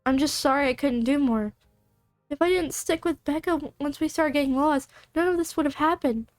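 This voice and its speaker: A woman voicing a remorseful teenage girl who talks in halting, apologetic bursts. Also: sits high, no echo, faint music behind, close to an everyday voice.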